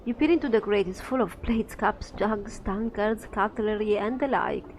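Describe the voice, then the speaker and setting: A woman's voice: medium pitch, normal speed, a little mellow, slight background noise. A woman playing through a game, reading its text aloud and adding chatty, giggly comments. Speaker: game streamer.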